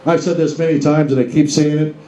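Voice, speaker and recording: Man, show host, casual monologue full of rhetorical questions, dark tone, echoey room with faint ambience. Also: on the high side, level tone, a little fast, muffled recording, slight background noise. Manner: rhetorical questions, addresses folks directly.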